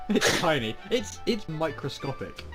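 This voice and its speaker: A man's voice: a little high, sing-song, a little slow, over music. A man co-hosting a casual gaming chat, teasing his friends with sarcastic, dramatic retellings. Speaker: gaming channel co-host.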